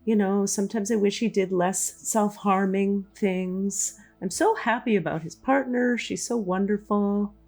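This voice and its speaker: A woman voicing the doting, tender spirit of a late mother, speaking gently and reassuringly, a little above her usual pitch. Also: unhurried, few pauses.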